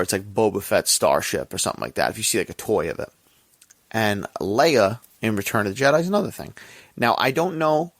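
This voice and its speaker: A man's voice: fairly low pitch, dry recording. A man hosting a podcast, talking through a movie in rambling, profane, laid-back casual chat. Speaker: podcast host.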